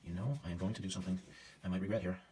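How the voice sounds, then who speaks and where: A man's voice: deep voice, fairly even intonation, racing, warm tone, far from the mic, slight background noise. A man teaching a painting demonstration, thinking aloud as he works, casual and self-critical with hesitant fillers. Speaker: art teacher.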